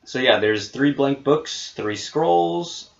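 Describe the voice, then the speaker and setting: Wry teasing game master, lo-fi. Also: male voice, mid-range voice, lively intonation, slow pace, vocal fry. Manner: wry, teasing, swears casually. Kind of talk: narrating a tabletop game. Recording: dull lo-fi audio.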